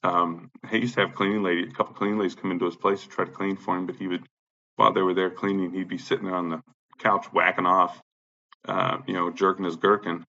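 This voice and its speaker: A man from Illinois rants with agitated energy, cursing at nearly every turn. His voice has a bright, forceful edge, and the recording sounds slightly dull and lo-fi. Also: flat delivery, quick pace, creaky. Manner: agitated, swearing constantly, says he is high. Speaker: tenant complaining about his apartment complex. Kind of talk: angry profane rant.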